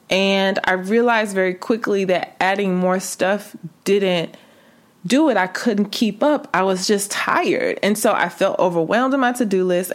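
A young woman hosting a faith podcast, talking casually and candidly to her listeners, calling them sis and y'all. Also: lowish voice. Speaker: podcast host.

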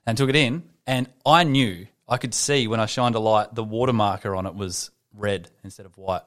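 A man's voice: lowish voice, steady tone, moderate pace, a bit bright. An Australian man in casual podcast chat, teasing and making crude jokes.

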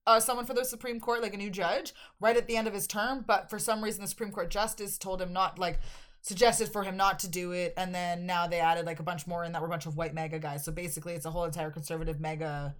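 A woman's voice: fairly low pitch, level tone, quick pace. A Canadian woman co-hosting a podcast in casual chat, rambling and earnest, full of fillers. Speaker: podcast co-host.

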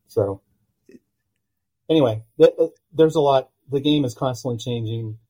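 A man who pitches as an analytics company founder guests on a casual podcast, his mid-range voice dark and mellow with a husky edge. He tells stories animatedly at a moderate pace, pausing often and acting out the voices of people he quotes. The recording is rough.

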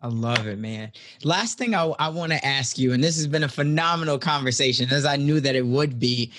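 A man's voice: medium pitch, fairly quick, background noise. Male podcast host asking questions. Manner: brief affirmations, wraps up questions. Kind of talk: interview.

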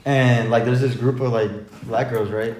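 A man's voice: mid-range voice, fairly even intonation, normal speed, a little mellow. A teenage boy telling a school story to friends in slangy, profane casual chat, acting out the dialogue. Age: teens. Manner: slangy, profane, retells scenes in quoted dialogue. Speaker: podcast guest. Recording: echoey room.

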